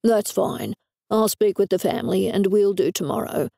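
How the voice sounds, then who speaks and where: A woman's voice: mid-range voice, normal speed, gravelly, mellow, no room sound, clean studio sound. A woman voicing a courteous grieving brother. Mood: calm.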